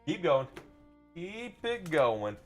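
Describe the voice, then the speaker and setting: A man's voice: on the high side, sing-song, slow pace, soft background music. A young man hosting a live pack-opening stream, upbeat and chatty, greeting viewers by name and repeating phrases. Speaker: live card-breaking seller.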